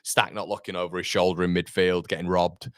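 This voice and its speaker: Man, low voice, dead dry sound, live fan match commentary, partisan, chatty with viewers. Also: flat delivery, brisk, fairly bright tone, no room sound. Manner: running play-by-play, answering viewer chat; exasperated, partisan outbursts. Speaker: fan channel host.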